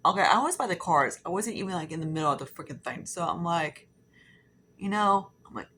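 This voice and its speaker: A woman's voice: medium pitch, big pitch swings, fairly quick, a bit bright, a little hiss or hum. A young woman chatting casually while doing her makeup, rambling and swearing with lots of fillers. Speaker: beauty vlogger. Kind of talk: casual get-ready-with-me storytelling.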